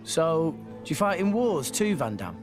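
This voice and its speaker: An actor playing an earnest, hesitant young salvager hero in a video game. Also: male voice, fairly high pitch, big pitch swings, measured pace, over music. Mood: wary.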